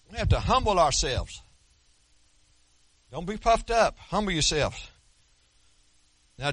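A man preaching a sermon as pastor, emphatic and folksy, slowing down to stress scripture. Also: high-pitched, bright, forceful tone, dry recording. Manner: folksy, with colloquial asides and repeated words.

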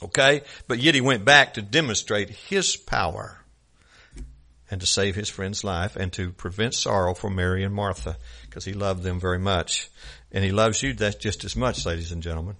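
A man's voice: on the low side, moderate pace, sharp tone. A man preaching a sermon in a folksy storytelling manner, acting out scripture scenes.

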